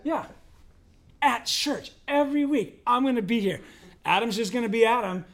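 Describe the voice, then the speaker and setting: A man's voice: very high-pitched, expressive, normal speed, fairly bright tone. A man preaching a sermon at church in a loose, conversational and joking way, acting out voices as he goes. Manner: conversational, humorous, acts out voices in quotes. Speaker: pastor.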